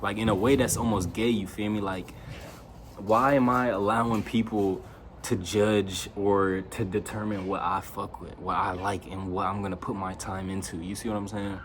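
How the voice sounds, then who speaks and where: A man's voice: fairly low pitch, steady tone, moderate pace, slight background noise. A young man talking straight to camera in a loose, slangy monologue, raising his voice when he quotes his friends. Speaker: vlogger.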